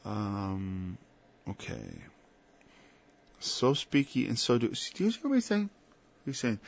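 A man's voice: mid-range voice, huge pitch swings, unhurried, creaky, long pauses, slightly rough, dry recording. A man preaching an informal Bible-study sermon. He talks conversationally, stops and restarts, then builds to emphatic peaks. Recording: dull lo-fi dry recording.

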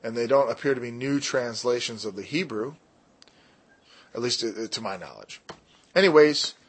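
A man teaching a casual Bible study, explaining in emphatic bursts and slowing down to stress key words, with jokey asides. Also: mid-range voice, animated, slightly rough. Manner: jokey, self-deprecating asides.

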